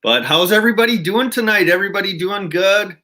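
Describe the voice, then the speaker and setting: A man's voice: high-pitched, fairly quick, pushed and bright. A man from Minnesota with a Minnesotan accent, hosting a casual livestream chat and rambling along with many fillers and restarts. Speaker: channel host.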